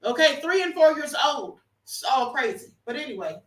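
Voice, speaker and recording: A woman's voice: sits high, very animated, normal speed, distant mic. A woman hosting a casual livestream, commenting emphatically and calling her viewers honey. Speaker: livestream host. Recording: roomy echo, off-mic.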